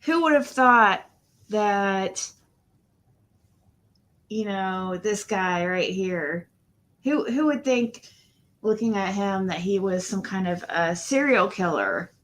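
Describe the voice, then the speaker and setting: Unhurried woman chatting on a livestream. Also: medium pitch, lively intonation, a bit bright. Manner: rambling, trailing off and restarting sentences. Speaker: livestream host. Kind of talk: casual livestream chat.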